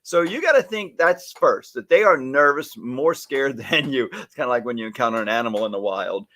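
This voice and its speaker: This podcast co-host, a stylist educator, has a mid-range voice and a brisk pace. Speaking from a home or studio on a live stream, he chats casually about salon work and animatedly acts out little scenes, doing voices as he goes.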